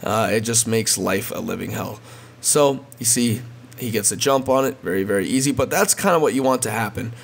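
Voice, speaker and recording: A man's voice: lowish voice, animated, fairly quick, vocal fry, a little hiss or hum. A man casually walking viewers through a video game strategy, often repeating himself and calling them guys. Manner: repetitive, addresses viewers as guys. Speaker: gaming video creator. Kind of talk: casual gameplay tutorial.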